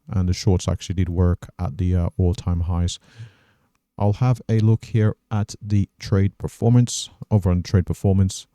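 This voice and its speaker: A man hosting a trading channel, walking through his day's trades on screen in a measured, methodical way and thinking aloud. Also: low-pitched, dark tone, clear, resonant tone, no echo. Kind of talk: casual trading recap over screen recording.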